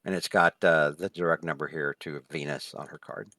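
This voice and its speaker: A man running a tabletop role-play as game master, narrating in a hesitant way with many pauses. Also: a bass voice, fairly even intonation, sharp tone, no echo. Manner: hesitant narration full of uhs.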